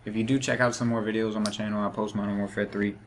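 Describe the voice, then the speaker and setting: A man's voice: on the low side, flat delivery, fast, slight background noise. A man with a lisp giving rambling, casual commentary over his gameplay, full of fillers and restarts.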